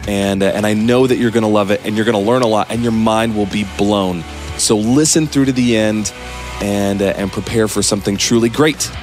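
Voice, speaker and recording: A man's voice: lowish voice, brisk, soft background music. A man co-hosting a podcast, casual and playful, joking with listeners. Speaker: podcast co-host. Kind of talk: casual podcast intro and chat.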